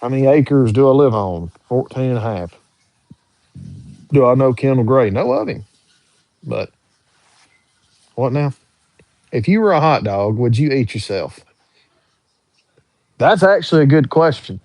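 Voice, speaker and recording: Young guy going live, reads chat out loud and answers whatever, easygoing drawl, dry close sound. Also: medium pitch, very animated, unhurried, pauses often, dry recording. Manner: reads viewer questions aloud and answers offhand. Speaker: livestream host answering chat. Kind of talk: casual livestream chat.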